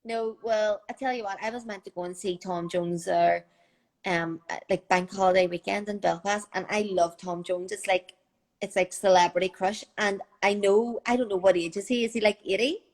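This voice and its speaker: A woman's voice: mid-range voice, steady tone, moderate pace. Chatty young Northern Irish woman. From Northern Ireland. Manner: chatty, lots of fillers. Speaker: guest. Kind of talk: casual live video chat. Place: home. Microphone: video call.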